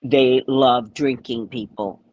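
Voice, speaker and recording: A woman telling a story casually to her viewers, animated and swearing, often checking in with "right?". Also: rumbling low, takes it slowly, dry recording, dull audio. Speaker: vlogger, spiritual reader.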